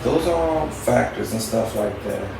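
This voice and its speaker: A man's voice: lowish voice, lively intonation, a little slow, gravelly, background noise. A man hosting a casual advice talk, speaking conversationally and repeating his points for emphasis. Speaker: talk show host. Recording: echoey room, mic at a distance.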